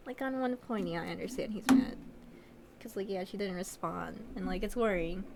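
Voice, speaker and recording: A woman's voice: medium pitch, normal speed, vocal fry, noisy background. A woman streamer chatting casually about a game she plays, with many "like"s and laughs. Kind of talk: casual gameplay commentary.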